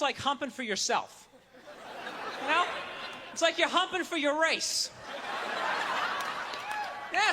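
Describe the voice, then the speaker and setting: A man doing a stand-up comedy set on stage, ranting loudly and mocking, on a handheld mic. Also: very high-pitched, long reverb tail. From United States. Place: comedy stage before a live audience. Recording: live club recording with crowd laughter. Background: audience laughter.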